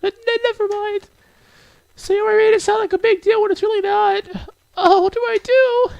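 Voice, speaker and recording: A timid, bookish schoolgirl put on by a man high above his own voice who stumbles over her words. She trails off softly, and the sound is dry and close. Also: steady tone, normal speed, creaky, no echo, highs cut off. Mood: shy. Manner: timid and stammering. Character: shy, stammering bookish teen girl.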